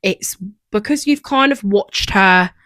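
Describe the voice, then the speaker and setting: Speaking slowly, this young podcast co-host has a medium-pitched, fairly bright voice. Her talk is a casual, rambling chat packed with fillers, recorded with no room sound.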